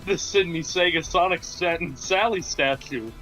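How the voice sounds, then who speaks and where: A young man co-hosting a casual game development stream, with dry, deadpan teasing. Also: fairly high pitch, moderate pace, soft background music, low-quality recording.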